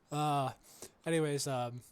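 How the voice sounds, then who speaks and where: A man's voice: on the high side, clean tone. A young man giving casual, joking gameplay commentary and calling everyone "bro" in slang. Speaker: let's play gamer.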